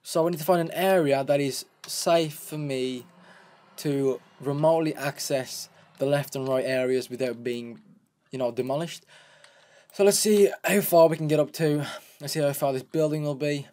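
A man giving casual let's-play commentary, chatty and narrating each step as he goes, counting out loud. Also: a little high, normal speed. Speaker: gameplay commentator.

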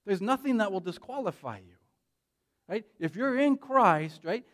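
A man preaching a sermon in a church, animated and conversational, often checking in with "right?". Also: sits high, moderate pace. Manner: animated, frequent "right?" tag questions. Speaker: pastor.

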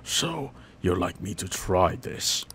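A man putting on a slow, low, gruff voice to play an older male executive. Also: very animated, a bit bright, a little hiss or hum, full character voice. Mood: stern.

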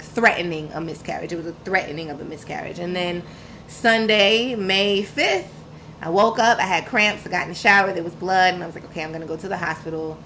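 A woman recounts her own experience on a podcast, candid and emphatic, full of slang and vivid quoted dialogue. Her voice is on the low side and a bit bright, heard through a low-quality recording with a little hiss or hum.

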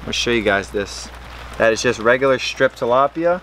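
A man filming a casual fishing vlog outdoors by a pond, chatty and excitable, hurting from a cut on his hand. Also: normal speed, a little hiss or hum. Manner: excitable, talks to his fish in a high baby voice. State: in pain from a cut. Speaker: fishing vlogger.

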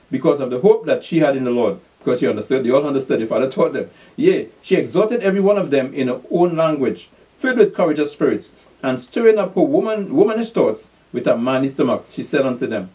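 A man's voice: fairly high pitch, mellow. A man preaching a sermon, reading scripture aloud and drilling listeners with call-and-response questions and repeated commands to pay attention. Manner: repeats "pay attention" insistently, with brief chuckles. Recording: voice from far off the mic.

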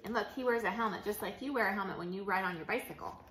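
A woman teacher reading a picture book aloud to young children, with clear and expressive storytelling. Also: medium pitch, very fast, background noise. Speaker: early learning teacher.

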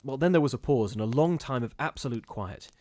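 A man reading a gothic ghost story aloud in a measured, steady storytelling manner with occasional brief restarts. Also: medium pitch, no echo. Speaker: reader of ghost stories.

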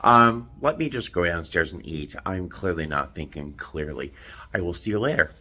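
A man's voice: low voice, lively intonation, normal speed, sharp tone, a little hiss or hum. A man in a casual vlog, chatting to the camera in a rambling, self-deprecating way from a hotel room. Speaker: flight attendant vlogger.

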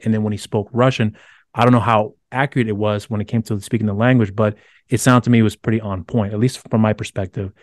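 Man, podcast host, rapid speech, rambling questions with restarts, dry close sound. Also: fairly low pitch, dry recording. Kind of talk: casual interview chat.

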